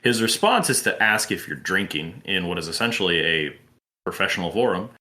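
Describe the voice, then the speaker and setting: A man with a low voice and a bright, forceful tone reacts to a friend's story. He recaps the events in a casual podcast chat. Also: sing-song, brisk. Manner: reacts and recaps, laughs along.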